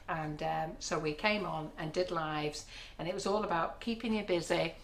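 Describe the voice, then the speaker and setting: Woman, sixties, lower-pitched voice, rambling casual chat, laughs easily, kitchen live stream. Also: steady tone, moderate pace, hardly any pauses. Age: 60s. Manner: chatty, rambling, laughs often. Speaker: baking show host.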